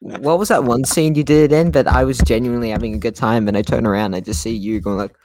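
A man's voice: mid-range voice, steady tone, fast, noisy background. A man co-hosting a podcast, teasing his friend in a laid-back, casual chat. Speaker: podcast co-host.

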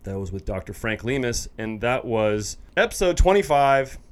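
A man hosting a surf podcast in casual chat, excitable and laughing often. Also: medium pitch, normal speed, clear, resonant tone. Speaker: podcast host.

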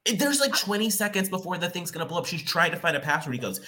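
A man's voice: high voice, racing. A man co-hosting a podcast, chatting casually about a movie with lots of "like" fillers. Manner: animated, many "like" fillers. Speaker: podcast co-host. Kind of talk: casual movie recap chat.

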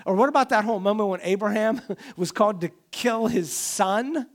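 A man preaching a sermon in a slightly raised voice. He keeps it conversational and asks the room questions. He sinks to a hush on the solemn lines and acts out whining complaints. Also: sits high, moderate pace. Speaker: pastor.

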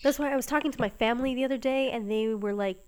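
A woman's voice: on the high side, quick pace, a little mellow, a little hiss or hum. A woman co-hosting a podcast in casual chat, talkative, laughing often and swearing casually. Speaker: podcast co-host.

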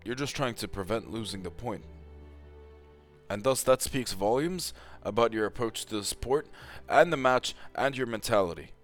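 A man's voice: medium pitch, expressive, normal speed, soft background music. A man giving a casual, heated rant with lots of swearing and emphatic repetition, as a tennis commentator.

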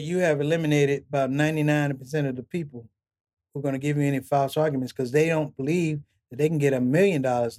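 A middle-aged comedian, a man, telling long stories in a casual interview and acting out the people he quotes. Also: a little high. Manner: animated storyteller, acts out quotes with laughs. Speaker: comedian and podcast guest.

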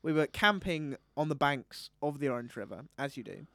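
Young man, podcast co-host, slightly high voice, dry close studio sound. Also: normal speed, no room sound. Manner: animated storyteller, loud comic impressions. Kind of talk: casual chat. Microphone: studio microphone.

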